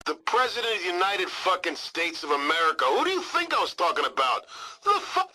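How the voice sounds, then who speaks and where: A sneering soldier barking over the radio in a video game. His voice is husky and sharp-edged, swinging wildly in pitch as he mocks and threatens. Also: sing-song, brisk, full character voice, low-quality recording. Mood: angry. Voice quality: gruff, mocking. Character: sneering male military radio officer, taunting and threatening.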